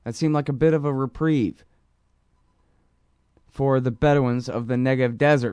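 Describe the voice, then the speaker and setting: Smooth-voiced man riffing on news. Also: medium pitch, fairly even intonation, moderate pace, pauses often, darkish tone, dry recording, clean studio sound. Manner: casual, rambling, many fillers; reads quotes aloud. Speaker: news show host. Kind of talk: political news commentary.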